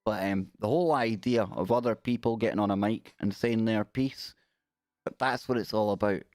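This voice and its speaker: A man's voice: on the low side, normal speed, a little mellow, no room sound, clean studio sound. A middle-aged man, hosting a live stream in a chatty, rambling, joking way. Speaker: host. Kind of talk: casual live-stream chat.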